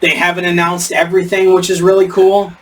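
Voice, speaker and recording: A man co-hosting a podcast talks briskly in a high-pitched monotone, rambling in casual chat and stumbling over names. He's recorded on a distant mic, with faint background noise behind him.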